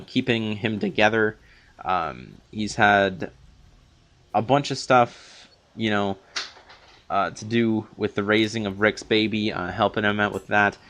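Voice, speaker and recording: A young man with a fairly low, fairly bright voice goes through a TV episode in a lengthy, unscripted recap. He stumbles over restarts and fillers and sounds slightly breathless from the long stretch of talking.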